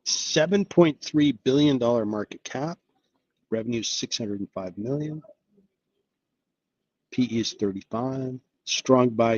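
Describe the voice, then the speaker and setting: A man's voice: medium pitch, darkish tone, no echo, highs cut off. A man hosting an investing live stream, talking casually and upbeat, thinking aloud with lots of fillers. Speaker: investing channel host.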